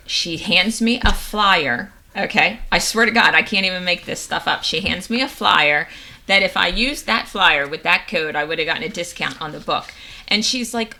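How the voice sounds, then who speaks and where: A woman in her fifties, a podcast guest, telling a personal story in a lively way and acting out the lines of other people. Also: fairly low pitch, moderate pace. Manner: animated storyteller acting out quoted dialogue. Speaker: guest, nurse and menopause coach. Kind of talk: casual storytelling interview.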